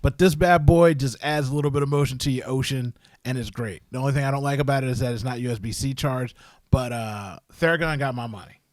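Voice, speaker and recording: A man hosting a casual chat, telling stories in an animated, slangy way. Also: medium pitch, fast talker, no room sound. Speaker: podcast host, wrestling parent.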